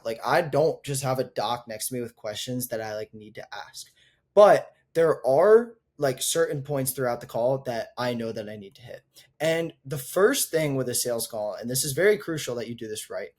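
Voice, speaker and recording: Casual young man coaching on sales. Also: fairly high pitch. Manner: casual, filler-heavy, quick asides, acts out calls. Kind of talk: casual teaching to camera.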